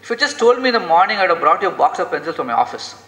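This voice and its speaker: Man doing an irritated dad after a long day, scolding quick, big hall echo. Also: high-pitched, very animated, pushed and bright, heavily acted. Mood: exasperated. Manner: exasperated, scolding. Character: tired, irritated father after work.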